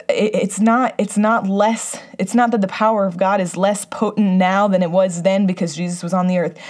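A woman's voice: medium pitch, a little mellow. A middle-aged woman preaching a sermon, earnest and conversational, often restarting her sentences. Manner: earnest, restarts often, acts out Bible voices.

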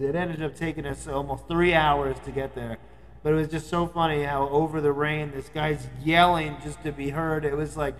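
A man co-hosting a podcast, telling a long casual story and acting out the people in it with a raised, animated voice. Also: fairly high pitch, rough recording.

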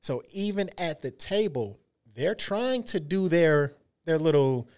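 A man's voice: a little high, lively intonation, a little slow, a little mellow. A man co-hosting a podcast, explaining points in a colloquial, emphatic way. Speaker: podcast co-host. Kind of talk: casual chat.

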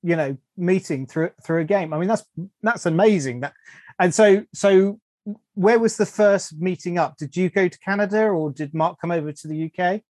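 A man's voice: high-pitched, moderate pace, a little mellow, dry recording, studio quality. An English man hosting a podcast interview, enthusiastic and often repeating words as he thinks. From England. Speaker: host.

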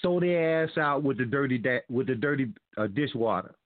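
A man's voice: medium pitch, expressive, normal speed, noisy background. A male talk host reading news aloud and commenting with sarcasm, calling his listeners family. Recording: dry phone-like line.

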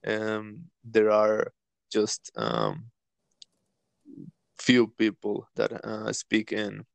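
Male host, low and gravelly, slow and hesitant, dry recording with soft music. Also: very animated, dry recording. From Latin America. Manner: hesitant, many ums, laughs often. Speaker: podcast host. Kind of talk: casual podcast conversation.

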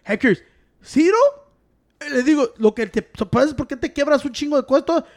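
A man's voice: extremely high pitch, fast talker. A man talking heatedly in casual chat, swearing often. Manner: heated, mixes Spanish and English, swears.

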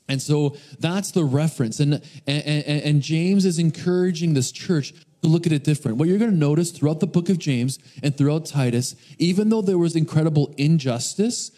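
Male pastor, mellow tone, casual storytelling sermon, lots of restarts. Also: a little high. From North America.

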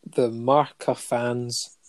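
A man's voice: mid-range voice, flat delivery, very slow, dry recording. A man in casual podcast chat, reading out a long list of honours with frequent ums and light chuckles. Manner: listing facts steadily with many ums and chuckles.

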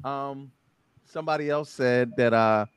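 A man with a Philadelphia accent hosting a casual group chat, animated and given to repeating words while he thinks. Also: medium pitch, moderate pace, clear, resonant tone, no room sound, studio quality. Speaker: podcast host.

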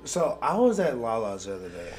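A man's voice: mid-range voice, big pitch swings, fairly quick, loud music behind the voice. A young man co-hosting a podcast, telling a story in a laid-back, casual way and swearing now and then. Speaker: podcast co-host.

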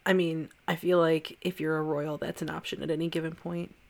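A woman co-hosting a podcast in casual chat, easygoing and quick to laugh. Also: low voice, level tone, gravelly. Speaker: podcast co-host.

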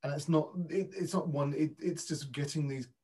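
A man's voice: on the high side, steady tone, normal speed, a little mellow, slightly rough. A man who works as a dialect coach, answering an interview question in a reflective way and searching for his words.

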